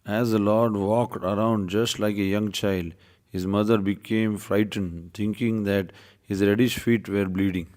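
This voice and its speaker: A man taking his turn in a group reading, reading scripture aloud at a steady pace. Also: lowish voice, measured pace, long reverb tail.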